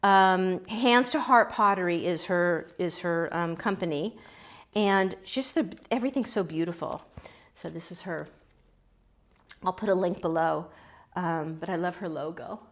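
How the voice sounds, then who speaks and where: A woman's voice: fairly low pitch, a little slow. A middle-aged woman hosting a pottery channel, chatting casually as she unloads a kiln, gushing with gasps and little exclamations. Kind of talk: casual kiln-opening vlog chat.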